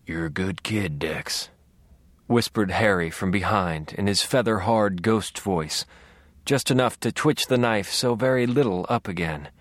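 Close-miked in the studio with no trace of the room, a male narrator reads a grim first-person audiobook. His delivery is deep, measured and brooding.

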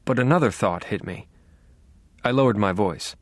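A man's voice: on the low side, moderate pace, long pauses, dry recording. Wry, dry male audiobook narrator. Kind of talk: first-person audiobook narration.

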